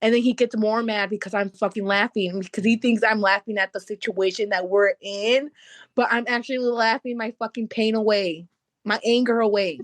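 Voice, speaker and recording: A woman podcast co-host in casual chat, animated, cursing freely and slipping into Spanish mid-sentence, with many fillers of "like". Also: medium pitch, moderate pace, no echo.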